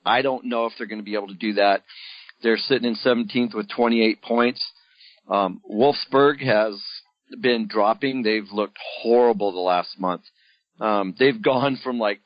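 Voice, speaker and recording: A man's voice: fairly low pitch, no echo. A man co-hosting a podcast, giving a matter-of-fact rundown of league standings in casual chat. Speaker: podcast co-host. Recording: dry, dull lo-fi podcast audio.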